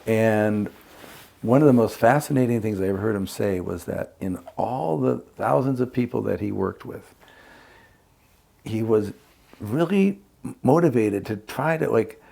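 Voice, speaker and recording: This man's mid-range voice is gravelly with a darkish tone. A conflict mediator, he reflectively lays out his method in a relaxed podcast chat, explaining it through acted examples.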